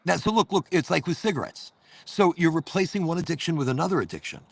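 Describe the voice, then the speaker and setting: A man with a gravelly, husky voice hosts a loose, rambling chat. His pitch sits a little high and swings widely as he swears his way through stories. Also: animated, quick pace, no room sound. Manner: loose, profane, rambling storyteller. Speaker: host. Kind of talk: casual chat.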